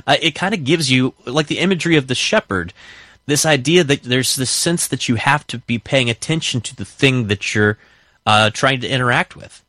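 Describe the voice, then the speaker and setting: A man hosts a faith talk show with a bright, forward voice. He talks in a chatty way, full of fillers, as he leads his guest through questions. The sound is dry and close. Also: medium pitch, moderate pace, no echo. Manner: conversational, with frequent fillers. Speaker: host.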